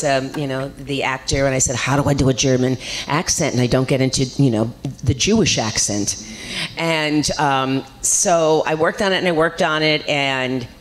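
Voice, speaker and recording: A woman, an actress at a convention panel, telling lively, rambling stories about her career. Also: deep voice, a little hiss or hum. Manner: chatty, rambling, lively storytelling.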